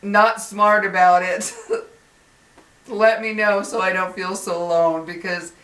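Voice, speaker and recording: A woman's voice: medium pitch, fairly even intonation, slow pace, fairly bright tone. An older woman with grandchildren talks to her viewers in a rambling, exasperated vlog, often stopping and restarting her sentences. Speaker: YouTuber. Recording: roomy echo, distant mic.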